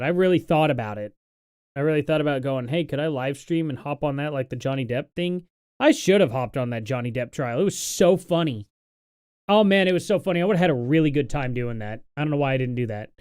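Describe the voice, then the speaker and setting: A man's voice: fairly high pitch, lively intonation, fast, darkish tone, clean tone, dry recording, clean studio sound. A young adult man hosting a casual live stream, talking in a tired, rambling, sarcastic way.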